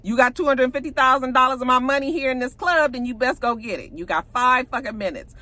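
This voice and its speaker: A woman's voice: sits high, quick pace, sharp tone, voice pushed up. A woman voicing a menacing, foul-mouthed male gangster issuing threats, close to her own voice. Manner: menacing, profane.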